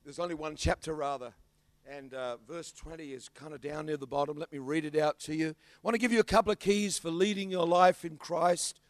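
An Australian man preaching a sermon as pastor, telling stories in an animated, bantering way. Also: fairly high pitch, fairly quick, no echo.

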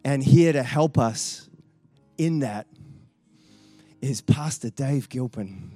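A man's voice: medium pitch, animated, unhurried, soft background music. A man introducing a guest pastor at a church service, in a rousing preaching manner. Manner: rousing, rising to loud calls. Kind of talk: sermon-style introduction.

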